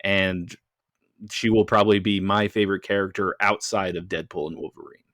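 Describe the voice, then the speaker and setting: Lower-voiced man in dry, close audio. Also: normal speed, dry recording. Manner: relaxed and blunt, swearing casually. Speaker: podcast co-host. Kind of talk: casual movie review chat.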